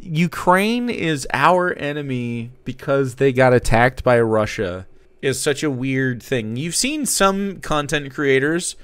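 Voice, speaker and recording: A man's voice: mid-range voice, expressive, takes it slowly, fairly bright tone, clear, resonant tone, no echo. A man hosting live news commentary, reading an article aloud with sarcastic, profane asides. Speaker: streamer host.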